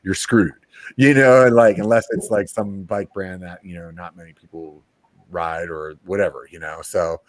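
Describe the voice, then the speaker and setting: A man's voice: low voice, steady tone, moderate pace, no room sound. A man hosting a podcast in casual chat, rambling and laid-back with lots of fillers and the odd swear word. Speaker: podcast host.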